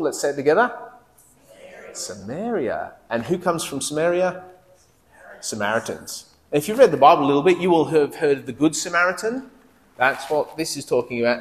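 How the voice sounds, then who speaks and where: A man delivers a sermon in a lively, conversational way, firing rhetorical questions at his listeners. His voice sits fairly high for a man. The sound carries a long reverb, as if picked up in a large hall. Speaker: preacher.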